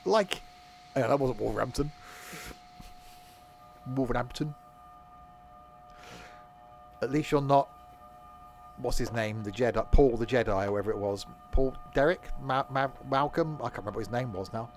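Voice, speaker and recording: A man's voice: medium pitch, normal speed, pauses often, faint music behind. A man streaming a train simulator game, chatting casually and joking as he reads his viewers' messages. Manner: joking banter, reading viewers' chat. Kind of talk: casual gameplay commentary.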